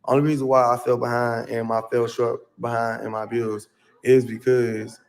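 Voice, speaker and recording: A man's voice: mid-range voice, little pitch movement, moderate pace. A man rambling through a personal story on a livestream, slangy and repetitive, played back as a clip. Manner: rambling, slangy, repeats himself.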